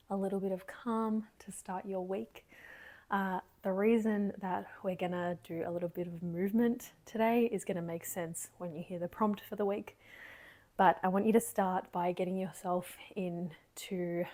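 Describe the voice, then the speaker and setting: A woman leading a casual guided movement meditation from her lounge room, gentle and encouraging, a little out of breath. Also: on the low side. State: slightly out of breath.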